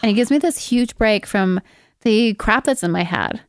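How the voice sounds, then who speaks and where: A woman's voice: animated, moderate pace, dry recording. A woman hosting a comedy podcast, chatting casually on a close, dry studio mic. She tells stories with lots of fillers, her voice sitting in an ordinary middle range. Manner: chatty storyteller, acts out quotes in high voices. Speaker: podcast host.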